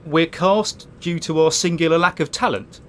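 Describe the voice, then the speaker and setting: An actor playing a sceptical, deadpan man who needles the others with dry, sardonic questions. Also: fairly high pitch, moderate pace, slight background noise, natural voice. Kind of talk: sitcom acting.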